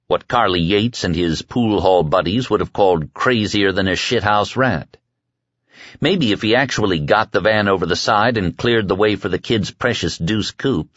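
A man reading an audiobook in a measured, dark storytelling manner. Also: fairly low pitch, no echo. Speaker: audiobook narrator. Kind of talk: scripted audiobook narration. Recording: dry dull lo-fi audio.

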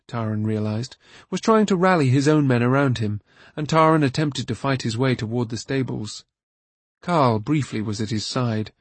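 A man narrating a fantasy novel aloud in a steady, even storytelling manner. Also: mid-range voice, no room sound. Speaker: audiobook narrator. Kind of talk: scripted narration.

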